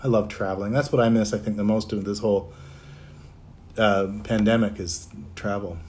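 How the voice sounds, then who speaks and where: A man's voice: fairly low pitch, fairly even intonation, moderate pace, a little mellow, a little hiss or hum. A middle-aged man from Canada, a voice actor, chatting casually on a livestream, reading out fan comments and answering them.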